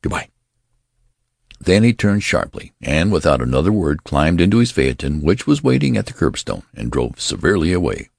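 Very deep, gravelly male narrator. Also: dry recording, studio quality. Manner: deliberate, expressive reading. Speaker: audiobook narrator. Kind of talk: scripted story narration.

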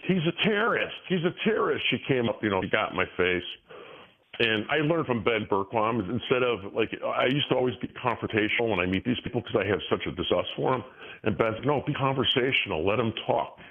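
Older man, sixties, animated storyteller, low voice, thin phone-line sound. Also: brisk. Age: 60s. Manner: animated storytelling with frequent restarts. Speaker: guest. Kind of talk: casual interview talk. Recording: tinny phone-line audio.

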